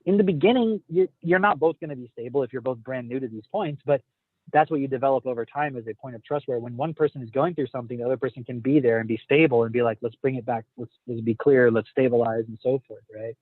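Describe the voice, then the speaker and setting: Calling in from the road over a tinny phone line, a man in his thirties who co-hosts the podcast joins a relaxed group chat. He talks fast at a medium pitch, rambles, and swears casually, with no echo.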